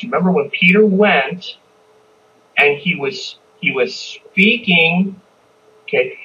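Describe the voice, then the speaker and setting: Male Bible teacher, fairly high voice, chatty and questioning, recorded from a distance on dull lo-fi audio. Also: a bit bright, slight background noise. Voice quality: conversational, repeats and restarts, asks the listeners questions. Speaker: pastor teaching a Bible study.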